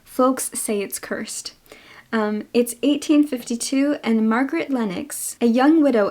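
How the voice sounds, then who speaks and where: A young woman talks casually to her viewers about books, her slightly high voice full of excited thanks. She gushes freely and fills her pauses with little ums. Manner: gushing, grateful, lots of "oh my gosh" and "um". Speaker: book vlogger. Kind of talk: casual book haul chat.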